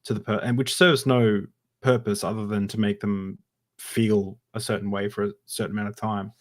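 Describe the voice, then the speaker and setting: A man hosting a podcast interview, asking questions in a halting way with many restarts. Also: lowish voice, flat delivery. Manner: hesitant, restarts his questions. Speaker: podcast host. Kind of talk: casual interview talk.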